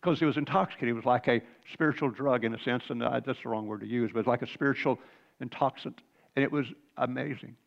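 Man in his 60s, gravelly, delivering a fervent faith testimony on a dull, lo-fi recording. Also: medium pitch, quick pace. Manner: earnest, fervent storytelling with throat-clearing and repeated words. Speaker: Christian speaker sharing a testimony. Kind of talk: emotional spiritual testimony.

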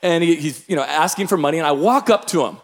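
A pastor from the Pacific Northwest preaching a sermon, telling stories with bursts of shouting. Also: male voice, a little high, fast talker. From Pacific Northwest, Tacoma, Washington. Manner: energetic storytelling, bursts of shouting. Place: large church hall. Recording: long hall reverb.

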